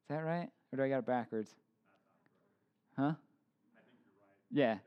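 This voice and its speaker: A man's voice: mid-range voice, unhurried, smooth, highs cut off. A man in his thirties preaching a casual sermon, informal, with joking asides and many fillers and restarts. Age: 30s. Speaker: pastor.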